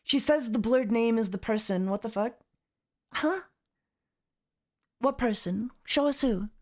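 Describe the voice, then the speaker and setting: A woman's voice: a little high, unhurried. Exasperated rambling woman streamer. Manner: exasperated, rambling, repeats herself. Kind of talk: casual livestream commentary.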